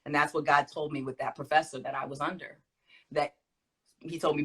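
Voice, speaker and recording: A woman's voice: deep voice, little pitch movement, a little fast, pauses often, a bit bright, husky, poor audio. A woman speaking as a guest in a conversation, teaching emphatically and animatedly with frequent laughter.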